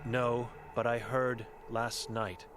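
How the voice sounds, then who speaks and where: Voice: medium pitch, flat delivery, takes it slowly, slight background noise, lightly acted. A voice actor playing a blind, mute old woman hermit in a video game, speaking in terse, broken, solemn sentences. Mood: ominous. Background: game music.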